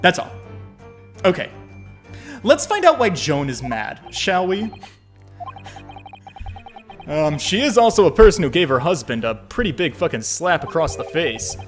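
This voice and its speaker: A male streamer gives animated, joking let's-play commentary and swears freely. His voice sits high and swoops all over. Faint music plays under the talk. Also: a little slow, long pauses.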